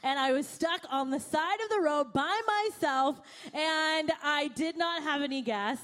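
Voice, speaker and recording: A woman's voice: high-pitched, measured pace. A young woman preaching a sermon, telling a personal story and acting out her own panicked thoughts. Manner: animated, acts out her own panicked quotes. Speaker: pastor.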